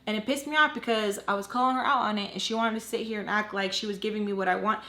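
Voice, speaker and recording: This is a young woman in her twenties recounting an emotional personal story to her audience. Her delivery is animated and emphatic, hammering points home with repeated "okay?". The room gives her voice a noticeable echo. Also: medium pitch, fast. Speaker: storytime vlogger. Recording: roomy echo.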